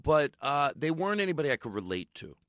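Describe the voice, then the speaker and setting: A middle-aged male comedian giving a candid interview, animated and self-deprecating, laughing often. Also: a little high, fast, no room sound, studio quality. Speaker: comedian guest.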